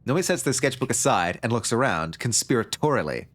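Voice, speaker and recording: Man, streamer, casual, joking, rambling, reads game text aloud, mid-pitched voice. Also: expressive, brisk, a bit bright. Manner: joking, rambling, with frequent laughs. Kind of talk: casual livestream commentary while reading a game aloud.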